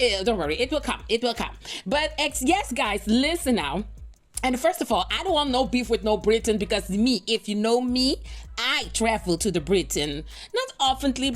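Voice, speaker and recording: A young adult woman giving casual gossip commentary as a news-style vlogger, playful and sassy, often laughing and tossing out rhetorical asides. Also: on the high side.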